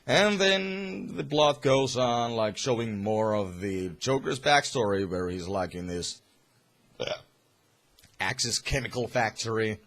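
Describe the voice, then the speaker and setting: A man's voice: mid-range voice, unhurried, vocal fry, a bit bright. A young man casually reviewing a comic, rambling with many fillers and some swearing.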